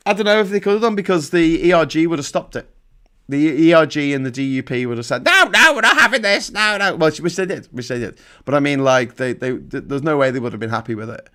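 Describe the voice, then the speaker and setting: A man's voice: medium pitch, fast, smooth. A man from Liverpool hosting a casual livestream, rambling and swearing as he mocks himself and mixes in politics. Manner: rambling, sweary, self-mocking. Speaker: livestream host. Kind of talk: casual live-stream chat and political commentary.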